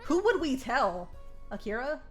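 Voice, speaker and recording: High-voiced giggly woman streamer. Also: very animated, measured pace, faint music behind. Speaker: streamer reading a visual novel aloud. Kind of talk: live-stream reading and chat.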